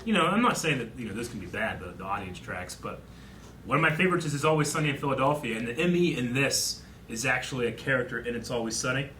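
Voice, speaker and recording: A man's voice: mid-range voice, expressive, fast talker, sharp tone, echoey room, a little hiss or hum. A man hosting a casual reaction chat, talking through a TV episode with friends and often trailing off mid-thought. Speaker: show host reacting to TV.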